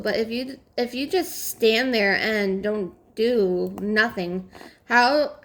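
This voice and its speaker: A woman's voice: fairly high pitch, fairly bright tone. A young adult woman, venting in casual chat while she works on a craft, exasperated and full of fillers and restarts. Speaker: crafting vlogger. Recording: roomy echo.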